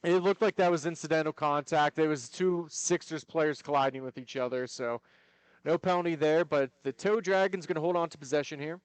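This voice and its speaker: A man's voice: a little high, brisk, clean tone, no room sound. A man doing live play-by-play for a youth hockey game at an arena, steadily explaining the teams and calling the action. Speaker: play-by-play commentator. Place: ice arena broadcast.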